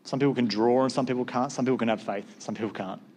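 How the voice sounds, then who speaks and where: A man's voice: mid-range voice, steady tone, fast, darkish tone. A man, a pastor with school-age kids, preaching a sermon in a conversational way and acting out short exchanges.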